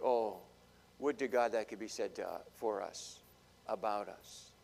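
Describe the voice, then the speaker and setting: A man preaching a sermon, dramatic, swinging between loud bursts and hushed asides. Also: mid-range voice, moderate pace, vocal fry, a little hiss or hum. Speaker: pastor. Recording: long hall reverb.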